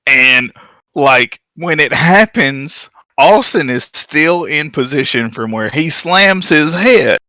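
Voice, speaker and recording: A man's voice: on the high side, animated, slow, pushed and bright, no room sound, rough recording. A man co-hosting a podcast, casually correcting details and filling in background, with many restarts. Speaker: podcast co-host. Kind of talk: casual chat about wrestling history.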